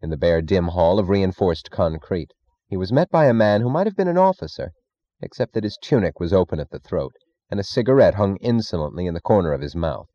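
A man narrating a novel in a measured, even storytelling manner. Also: low voice, no echo, highs cut off. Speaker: audiobook narrator. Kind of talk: scripted narration.

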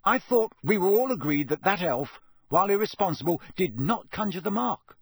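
A man's voice: high voice, expressive, moderate pace, breathy edge, dry recording, pitched above the performer's own voice, full character voice. A man voicing a pompous, rule-bound young man who argues hotly. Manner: pompous, heated.

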